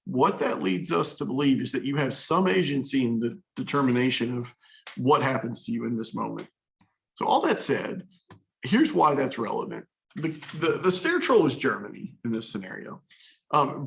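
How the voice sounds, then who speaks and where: Man, history teacher, classroom lecture, casual storyteller, gravelly. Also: medium pitch, lively intonation, moderate pace, rough recording.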